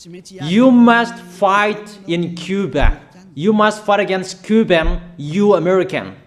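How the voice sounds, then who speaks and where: Preacher, male, higher-pitched, slow and emphatic, declaiming prophecy. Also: animated. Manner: declaiming, emphatic, repeats warnings, halting fillers. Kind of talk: prophetic sermon.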